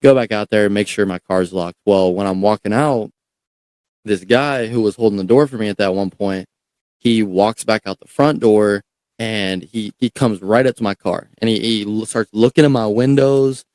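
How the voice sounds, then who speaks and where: A young man, a podcast guest, telling a story in a casual, animated way, swearing and repeating words as he goes. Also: fairly low pitch, normal speed, no echo.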